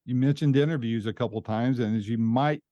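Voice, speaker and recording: A man hosting an interview, asking his questions in a relaxed, measured way. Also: medium pitch, no room sound, muffled recording. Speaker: interviewer, show host. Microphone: remote interview over the internet.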